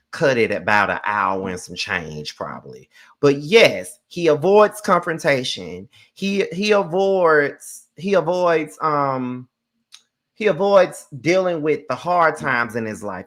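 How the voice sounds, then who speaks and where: A man's voice: medium pitch, fairly bright tone. A man with an everyday mid-range voice hosts a reaction stream. He talks directly and conversationally to his audience and breaks in with his own take. His delivery is loose and unscripted. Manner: direct and conversational, speaking straight to viewers. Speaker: host of a commentary channel. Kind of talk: casual reaction commentary.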